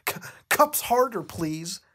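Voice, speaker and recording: A man voicing a shy male cartoon devil in a breathless, pleading falsetto. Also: big pitch swings, takes it slowly, a bit bright, slightly rough, heavily acted.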